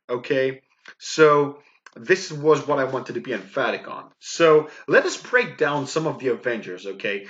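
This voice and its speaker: This man from Greece delivers a mocking YouTube rant, emphatic and loaded with fillers and repeated "okay?". He speaks at a moderate pace in a medium-pitched, fairly bright voice, recorded on a dull lo-fi mic.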